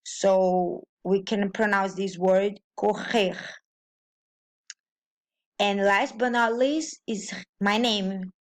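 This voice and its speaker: Brazilian woman teaching, slow and halting, lots of restarts and ums. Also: mid-range voice, steady tone. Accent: Brazilian Portuguese. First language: Portuguese. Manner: halting, with frequent restarts and fillers. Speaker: language teacher. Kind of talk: explaining pronunciation and grammar.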